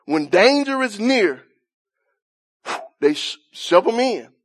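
A man preaching an impassioned sermon in informal church speech, swinging from loud shouts down to quiet, soft lines. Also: sits high, sing-song, slow. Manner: impassioned, rising to shouts then dropping soft.

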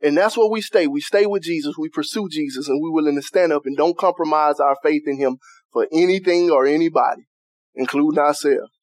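A man preaching a sermon as pastor, who keeps asking the congregation if they are with him and softens his voice to act out quoted prayers. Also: fairly high pitch, brisk, no room sound, clean studio sound. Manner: call-and-response preaching, asks "are you with me?".

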